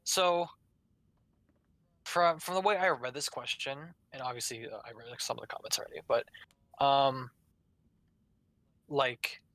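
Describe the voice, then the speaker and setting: A man's voice: medium pitch, fairly even intonation, unhurried, pauses often, pushed and bright, dry recording, rough recording. A young man co-hosting a podcast, chatting casually and rambling, with lots of fillers while he acts out quoted lines. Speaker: podcast co-host. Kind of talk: casual chat.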